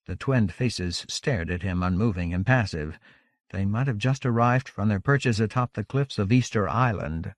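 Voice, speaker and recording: A man narrating a novel aloud in a measured, steady audiobook reading. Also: lowish voice, dry recording, studio quality. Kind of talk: scripted narration.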